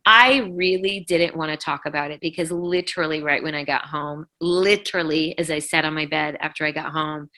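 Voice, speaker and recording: Middle-aged woman guest, low and bright-toned, halting emotional storytelling. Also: steady tone. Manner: emotional, halting retelling with many fillers. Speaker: interview guest, former band vocalist. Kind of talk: casual interview storytelling.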